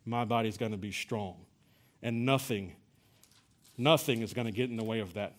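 A man's voice: fairly low pitch, moderate pace. A middle-aged man from Texas preaching a sermon, telling a personal story in a conversational way with many fillers and restarts. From San Antonio, Texas. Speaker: pastor.

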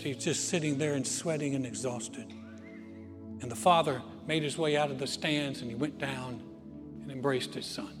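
A male pastor preaching a sermon in a church auditorium, telling stories earnestly and dropping to soft, quiet phrases. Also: a little high. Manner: earnest storytelling with dramatic pauses, softening to near-whisper. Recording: reverberant hall with music behind.

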